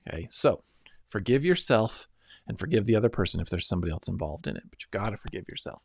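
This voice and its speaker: A middle-aged man coaches listeners step by step in an earnest instructional self-help talk, frequently adding "right?" and "okay?". His lowish voice is expressive and a little mellow, moving at a quick pace, in a dry, studio-quality recording.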